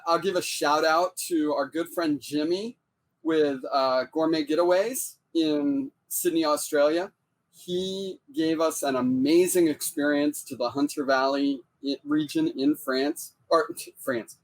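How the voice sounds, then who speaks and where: A man's voice: on the high side, measured pace. A man co-hosting a casual interview podcast over a video call, chatty and playful. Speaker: podcast co-host.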